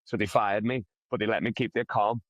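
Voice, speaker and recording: A man's voice: lowish voice, brisk, no echo, lo-fi sound. A male comedian telling a rambling, profane story in a casual interview. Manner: profane, rambling, animated anecdote. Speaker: comedian guest.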